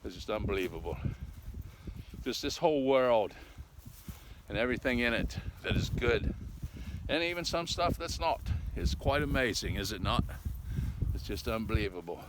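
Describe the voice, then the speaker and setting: With an expressive, medium-pitched voice at normal speed, an older man vlogs casually while out with his dogs on a country road. He's folksy and talkative, slightly breathless, and likes to end lines with "eh?". It's a noisy outdoor recording, with dogs and rural sounds around.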